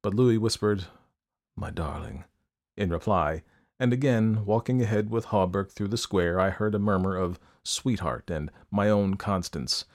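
A man narrating a first-person audiobook at a measured pace. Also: sits low, a little mellow.

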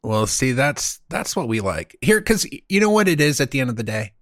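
A man with a Midwestern American accent tinged by Texas, co-hosting a podcast in casual comedic chat, animated, laughing and swearing. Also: medium pitch, brisk, dry recording, studio quality. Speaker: podcast co-host.

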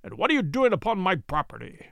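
A man voicing a huge, fierce middle-aged baronet who shouts in a loud, truculent, bullying way, read from a storybook. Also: high voice, big pitch swings, fast talker, gravelly, dry recording, studio quality, full character voice. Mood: furious.

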